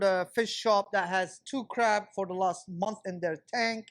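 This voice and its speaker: A man's voice: high-pitched, fairly even intonation, unhurried, fairly bright tone. A man working as a chef instructor, talking viewers through a cooking class demonstration in a kitchen and explaining each step as he cooks.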